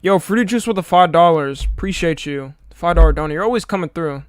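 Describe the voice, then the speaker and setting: A man's voice: on the high side, animated, fast talker, dry recording, studio quality. A young man streaming live, chatting casually and a little tired, swearing freely as he greets viewers by name.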